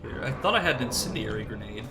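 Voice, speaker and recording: A young man streaming a video game, chatty and animated, who likes cheesy radio ad voices. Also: mid-range voice, fast talker, vocal fry. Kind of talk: let's play commentary. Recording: streamed with game music behind.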